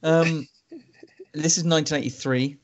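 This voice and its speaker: A man's voice: a little high, steady tone, moderate pace, lo-fi sound. A man co-hosting a podcast, making dry, wry remarks about films in a casual chat. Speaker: podcast co-host. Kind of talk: casual film review chat.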